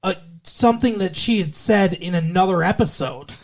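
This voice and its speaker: A man's voice: high voice, moderate pace. A man co-hosting a podcast, chatting casually as he recaps a TV episode, rambling with restarts and acting out quotes. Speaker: podcast co-host.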